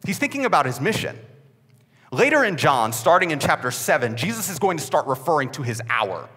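A young male preacher with a bright, fairly high voice that swings widely in pitch. He jokes and restarts sentences, repeating words as he builds his point. A long reverb trails each phrase, as if in a large hall. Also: very animated, fairly quick. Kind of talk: sermon.

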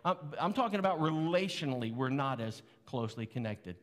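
A man's voice: medium pitch, animated, fairly quick, a bit bright. Conversational preaching man in an echoey hall. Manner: earnest, conversational preaching with rhetorical questions. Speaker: pastor. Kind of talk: sermon.

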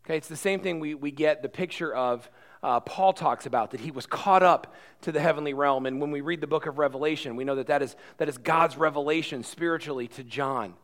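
A man preaching a sermon who swings between quiet asides and loud emphatic passages, repeating words as he builds. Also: fairly high pitch, fairly quick. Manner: repeats and restarts words when worked up. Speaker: pastor.

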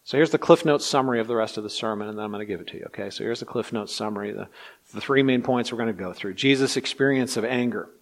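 Male pastor, mid-pitched voice, dynamic sermon delivery, loud and hushed by turns. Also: fast. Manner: dynamic preaching, swings from loud to hushed, acts out quotes.

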